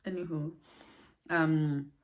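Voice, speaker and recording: A woman speaking softly and haltingly in a personal vlog recorded at home at night, low on energy. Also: fairly even intonation. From Australia. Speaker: vlogger.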